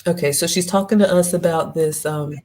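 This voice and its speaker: A woman with a low voice hosts a live-streamed travel vlog. She chats casually, straight to her viewers, and greets them by name as she reads out their comments. Her tone is mellow and relaxed. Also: a little fast. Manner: chatty, talks straight to viewers and reads out chat. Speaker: host.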